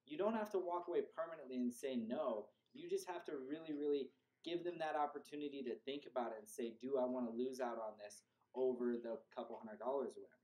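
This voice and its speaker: A young man talks through a story in a loose, chatty way, leaning on fillers and repeating words for emphasis. His voice is mellow and even in pitch. The room around him has a noticeable echo. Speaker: host. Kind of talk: casual storytelling advice vlog. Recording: echoey room.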